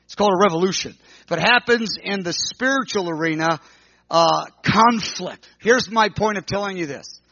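Fervent high-voiced preacher man. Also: moderate pace, vocal fry, dull audio. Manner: fervent, swinging from hushed to crying out. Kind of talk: sermon. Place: room with a gathered audience.

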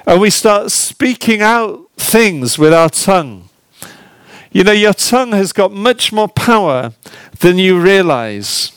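Earnest high-voiced male preacher, unhurried. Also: very animated, fairly bright tone, smooth, dry recording. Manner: earnest, conversational preaching with rhetorical questions. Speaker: pastor. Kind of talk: sermon.

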